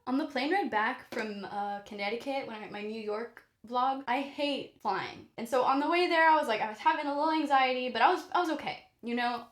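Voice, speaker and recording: A young woman vlogger telling a funny story in a casual, animated way, swearing often and exaggerating for comic effect. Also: high-pitched, brisk, few pauses, roomy sound.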